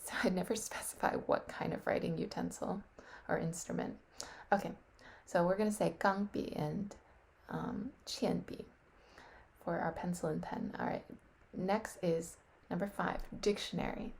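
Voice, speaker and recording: A woman slowly practicing vocabulary on her webcam, sounding words out carefully and often dropping to a whisper. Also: on the low side, steady tone, vocal fry, darkish tone, husky. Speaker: language learner. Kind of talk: casual self-study on webcam.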